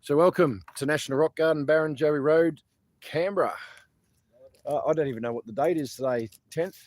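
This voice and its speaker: Aussie bloke rambling on a livestream outside, swears a lot, chatty, laughs heaps. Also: male voice, fairly high pitch, fairly quick, no echo. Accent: Australian. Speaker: protest livestream host. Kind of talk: casual rambling livestream chat. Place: outdoors at a protest site.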